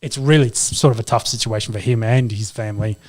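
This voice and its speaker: A man's voice: on the low side, fast. A man with an Australian accent, co-hosting a casual sports podcast in an easygoing, hesitant way with many fillers. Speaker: podcast co-host.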